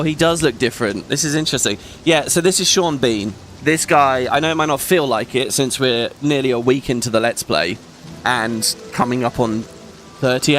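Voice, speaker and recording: Hosting a let's play, a man with a fairly high, bright-toned voice chats casually as he games. He rambles while thinking out loud and laughs a lot.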